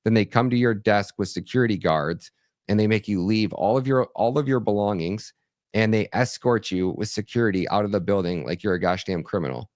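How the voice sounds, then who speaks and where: Lowish-voiced man explaining earnestly. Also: a little fast, no echo, clean studio sound. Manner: earnest, animated storytelling with frequent restarts and "right?" tags. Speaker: podcast guest, documentary filmmaker. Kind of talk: conversational explanation in an interview.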